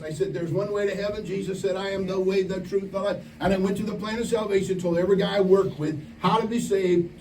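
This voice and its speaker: Preacher, male, higher register, animated storyteller, recorded from far off with a faint ambient hum. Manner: animated storytelling, acts out quoted voices. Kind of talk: camp sermon. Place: large room at a camp meeting. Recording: echoey room, distant mic, faint ambience.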